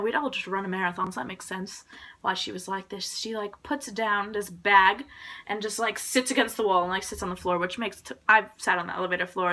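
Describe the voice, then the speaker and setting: A woman's voice: medium pitch, pushed and bright. A young woman vlogging in a casual, rambling chat to her camera, full of fillers and little laughs. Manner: rambling, filler-heavy, giggly. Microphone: phone or camera propped on a suitcase.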